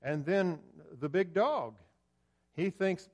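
A man preaching a sermon, building to loud emphatic peaks and dropping low and slow. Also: sing-song.

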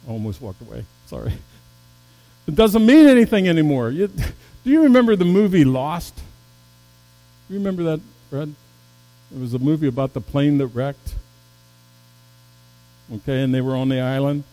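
A man preaching a sermon as pastor, swinging from loud emphatic peaks down to low, soft passages, with stumbling restarts. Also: lively intonation, normal speed, long pauses, poor audio.

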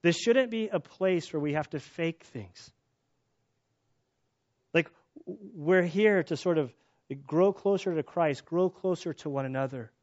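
Male pastor, earnest and candid, raised pitch, somewhat winded, restarts a lot, muffled low-fi recording. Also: unhurried, a little mellow. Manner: earnest, candid, restarts often, voice rises when emphatic. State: out of breath. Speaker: pastor teaching through scripture. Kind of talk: expository sermon. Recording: dull lo-fi sound.

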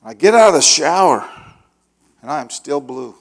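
A middle-aged male pastor telling a long story in a sermon, acting out the voices and shouting the dramatic parts. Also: a little high, normal speed, creaky. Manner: animated, acts out voices with loud shouts.

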